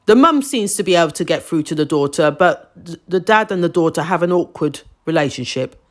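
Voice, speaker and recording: A woman's voice: fairly low pitch, animated, a little fast. A woman giving a casual, opinionated review of a TV drama, with emphatic, indignant asides.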